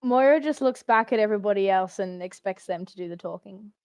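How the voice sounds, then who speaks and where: A woman's voice: mid-range voice, fairly quick, a little mellow, no room sound, studio quality. A woman player in a casual tabletop game, giggly and hesitant, often searching for words. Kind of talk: casual tabletop role-play.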